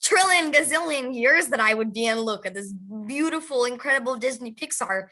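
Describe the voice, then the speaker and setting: A young woman with a bright, high voice answers interview questions. She gushes with enthusiasm and giggles often. She keeps the easy tone of a press junket chat. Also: lively intonation, fairly quick. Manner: bubbly and giggly, gushing with enthusiasm. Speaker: actress interviewee.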